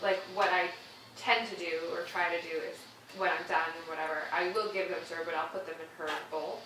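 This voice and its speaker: A woman's voice: lowish voice, steady tone, fairly quick. A woman who owns a dog, hesitantly explaining her habits to a trainer with many fillers. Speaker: dog owner, client. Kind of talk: casual conversation. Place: home room. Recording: echoey room, far from mic, noise.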